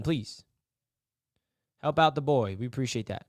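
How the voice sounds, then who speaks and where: A man's voice: medium pitch, a little slow, no room sound, studio quality. A young man hosting a casual live sports stream, rambling and mock-despairing, repeating himself.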